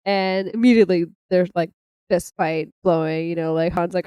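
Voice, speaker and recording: A woman's voice: fairly low pitch, normal speed, smooth, dry recording. Brief: woman podcast co-host, casual storytelling, acts out quotes, dry close sound. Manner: animated, laughs often, acts out quotes. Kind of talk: casual chat retelling a comic.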